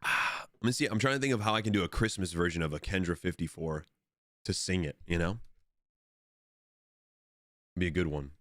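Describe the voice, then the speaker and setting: A man's voice: low-pitched, normal speed, long pauses, a bit bright, no room sound, studio quality. A young man live-streaming, chatting casually and rambling with lots of swearing while reading out his chat. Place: home streaming setup. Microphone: desk microphone.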